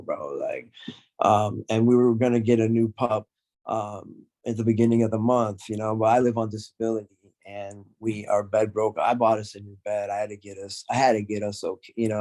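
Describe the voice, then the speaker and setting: Low-voiced man talking emotionally. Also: a little mellow. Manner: emotional, heartfelt, rambling with many fillers. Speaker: podcast guest. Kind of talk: casual chat.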